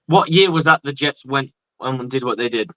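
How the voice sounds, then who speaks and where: Excitable, swearing man. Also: mid-range voice, moderate pace, no room sound. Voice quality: excitable and profane, many restarts. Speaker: host. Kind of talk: casual sports talk. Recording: dry, dull lo-fi sound.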